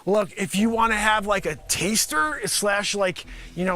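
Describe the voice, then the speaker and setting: A man hosting a live improv comedy show, rambling through a pitchman bit and talking to an imagined panel, now and then bursting into shouts. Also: sing-song, normal speed, soft background music.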